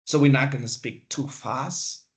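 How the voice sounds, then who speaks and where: A man teaching a class, lecturing in a slow, deliberate way with pauses. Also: medium pitch, fairly even intonation. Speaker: instructor.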